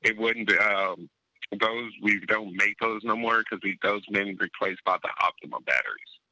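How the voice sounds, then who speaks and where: A man's voice: lowish voice, moderate pace, bright, forceful tone, no echo, poor audio. A man working as a customer service agent, answering a call patiently and politely. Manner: patient, polite, slightly confused. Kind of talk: phone support call.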